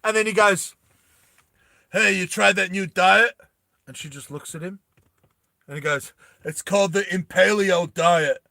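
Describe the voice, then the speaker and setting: A brash male harpoon fighter, cracking jokes and yelling out in a high, pushed-up voice, as a man puts him on. The tone is bright and sharp, and the sound is dry. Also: a little fast, pauses often, no echo. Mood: cocky. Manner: yelling, wisecracking.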